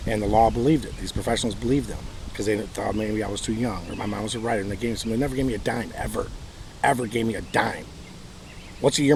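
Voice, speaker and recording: A man's voice: mid-range voice, darkish tone, rough recording. Michigan man, bitter personal monologue, emphatic, faint outdoor noise. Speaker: vlogger telling his own story.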